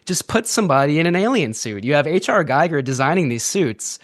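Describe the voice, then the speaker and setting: A man's voice: a little high, very animated, a little fast, no echo, clean studio sound. A man co-hosting a podcast, chatting casually about a movie, laughing often and talking through lots of fillers and restarts. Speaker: podcast co-host. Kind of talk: casual movie review chat.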